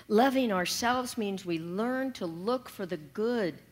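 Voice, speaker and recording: Breathy woman giving a gentle sermon. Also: mid-range voice. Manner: soft and slow, dropping to whispers. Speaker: minister.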